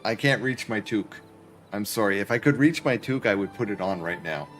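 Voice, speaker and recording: This Canadian streamer plays a game from his apartment, bantering with his chat in a chatty, joking way. His lowish voice is expressive and brisk with a fairly bright tone, and faint music sits behind it.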